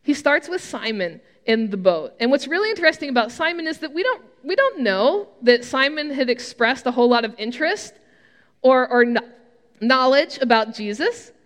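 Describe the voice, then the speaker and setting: A woman pastor telling a personal story in a sermon, animated, with frequent restarts. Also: high voice, moderate pace, in a large hall.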